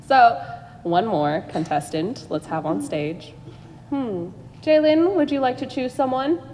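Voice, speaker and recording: A woman's voice: a little high, lively intonation, a little slow, warm tone, slight background noise. A teenage girl hosting a school drama contest, upbeat and coaxing contestants onto the stage. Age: teens. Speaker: contest emcee. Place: school auditorium. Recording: long hall reverb.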